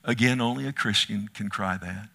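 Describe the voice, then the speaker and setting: A male preacher delivering an impassioned sermon, rising to loud cries, then dropping to low pleading, and calling his listeners "loved one". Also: moderate pace, gravelly.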